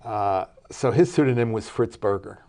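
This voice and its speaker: An older man telling a family story in a relaxed interview, with many fillers and restarts. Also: fairly low pitch, moderate pace. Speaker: interview guest, cinematography professor.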